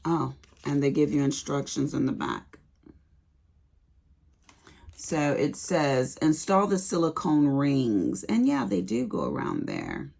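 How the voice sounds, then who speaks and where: A middle-aged woman talks in a low, gravelly voice, chatting to her viewers about craft tools she just got. Her pitch swings up and down a lot as she talks. She takes her time and keeps calling them honey. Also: huge pitch swings, slow, a little mellow. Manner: chatty, calls viewers honey, Southern-tinged slang. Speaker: craft vlogger. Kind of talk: casual chat while unboxing.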